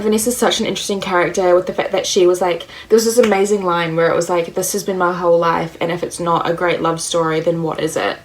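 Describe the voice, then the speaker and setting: A woman's voice: fairly low pitch, breathy edge. A young woman in her twenties with a New Zealand accent, chatting casually about books and filling her talk with "like". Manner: chatty, lots of "like" fillers. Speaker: book vlogger. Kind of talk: casual chat.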